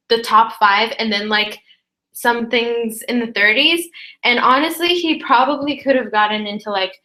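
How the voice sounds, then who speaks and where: A teenage girl chatting casually to her viewers, rambling with many fillers and quick apologies. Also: on the high side, bright, forceful tone. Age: teens. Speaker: student vlogger. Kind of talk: casual chat to camera.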